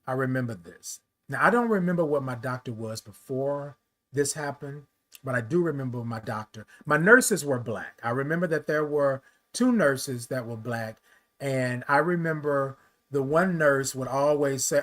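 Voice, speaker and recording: A man's voice: medium pitch, measured pace. A man hosting a talk show, telling a personal story with emphatic, conversational delivery and speech. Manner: emphatic storyteller, addresses listeners as y'all, rises loud when telling the climax. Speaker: host.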